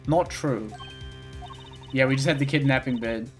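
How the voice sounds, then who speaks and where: A man's voice: mid-range voice, moderate pace, faint music behind. Casual swearing man streaming a game. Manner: swears freely, rambling and jokey. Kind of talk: casual gameplay commentary.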